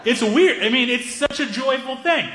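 A man telling a stand-up story, animated, acting out the people in it. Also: very high-pitched, moderate pace. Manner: animated, acts out characters. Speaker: stand-up comedian. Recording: echoey hall reverb.

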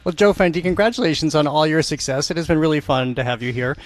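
A man's voice: on the high side, fast talker. A man hosting a radio culture show, asking rambling, light questions and laughing often. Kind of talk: interview and show links.

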